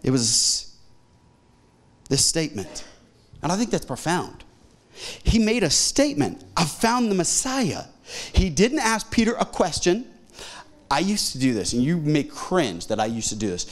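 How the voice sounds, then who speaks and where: A middle-aged male pastor preaches in a church auditorium with a notably high voice. He talks in an animated way and slips into quick voices for the people he quotes. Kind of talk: sermon.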